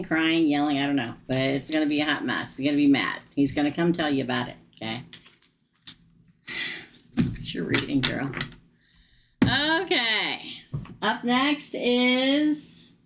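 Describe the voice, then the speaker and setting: A woman reading tarot on a live stream, chatty and animated, laughing often. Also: deep voice, slight background noise. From United States. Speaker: tarot reader.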